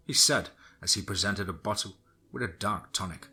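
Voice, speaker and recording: A man narrating a dark horror story in a steady storytelling manner. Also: moderate pace, husky. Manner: steady storytelling, drops low for grim lines.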